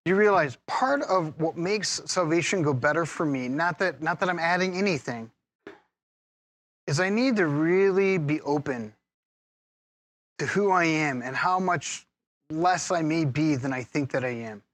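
A man preaching a sermon as pastor, lively and humorous, teasing his congregation and laughing often. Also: on the high side, a little slow.

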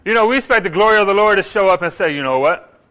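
A man delivers a sermon with a high, bright, ringing voice. He is animated, slipping into little acted-out voices and rising loud to hit his points. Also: rapid-fire. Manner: animated, acts out voices, rises loud for emphasis. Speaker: preacher.

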